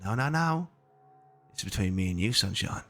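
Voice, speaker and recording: A man voicing a gruff, bullying road warden who threatens a prisoner. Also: lowish voice, expressive, normal speed, sharp tone, soft background music. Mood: menacing. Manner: menacing, mocking.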